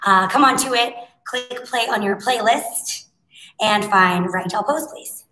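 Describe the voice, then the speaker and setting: A woman fitness instructor with a hoarse, husky voice, cueing breaths and moves in a casual, encouraging live workout class. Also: mid-range voice, a little slow, sharp tone. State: hoarse from overuse. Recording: very echoey room.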